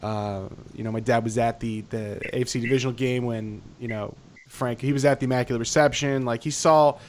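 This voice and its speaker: A man hosts a casual podcast interview, enthusiastic and full of halting restarts. A faint low rumble sits behind his voice. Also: fairly even intonation, a little mellow. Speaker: podcast host.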